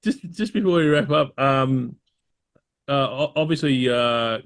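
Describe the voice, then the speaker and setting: Male interviewer with a gravelly, mid-pitched voice and hesitant delivery. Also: unhurried. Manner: hesitant, filler-heavy questions. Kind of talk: casual interview.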